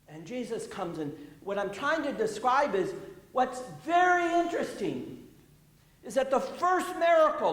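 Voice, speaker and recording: A man's voice: high-pitched, huge pitch swings, normal speed, a bit bright. A man preaching a sermon as pastor, telling folksy stories with chuckles and repetition, a little out of breath. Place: church sanctuary. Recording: roomy church echo.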